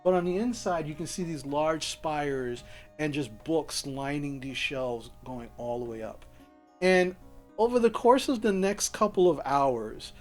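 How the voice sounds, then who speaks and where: A man's voice: on the high side, measured pace, soft background music. A man narrating as game master, describing the scene in a rambling, restarting way. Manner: rambling, lots of fillers and restarts.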